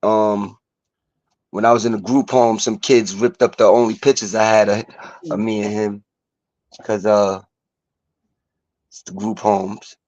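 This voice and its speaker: Halting New man on a video call. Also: on the low side, little pitch movement, a little mellow, no room sound. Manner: halting, searching for words. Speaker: guest. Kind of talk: emotional personal sharing. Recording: dull, dry video-call audio.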